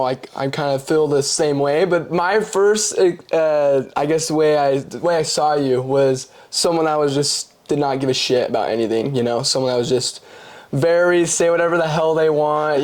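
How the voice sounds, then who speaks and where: A young man as a podcast guest, talking casually and telling stories with lively put-on voices for the people he quotes. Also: a little high. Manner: animated storytelling, acts out quoted voices, swears casually. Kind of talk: casual conversation.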